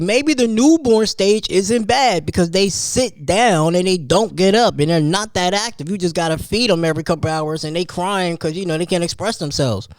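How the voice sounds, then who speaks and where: A man in his thirties hosting a casual solo podcast, telling a story in a rambling, animated way with many restarts. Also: high voice, dry recording, studio quality. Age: 30s. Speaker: podcast host.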